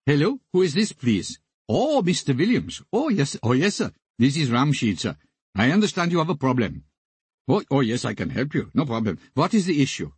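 A fawning, over-the-top tech-support man with a comic Indian accent, as a man puts him on. He bows and scrapes with endless yeses and sirs, his husky voice bouncing higher and lower through every line. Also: sing-song, moderate pace, dry recording. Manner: obsequious, repeats sir and yes.

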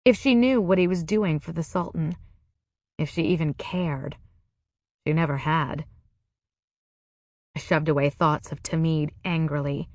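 A woman narrating a first-person novel in a measured, wry way. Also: sits low, a little mellow, dry recording. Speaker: audiobook narrator.

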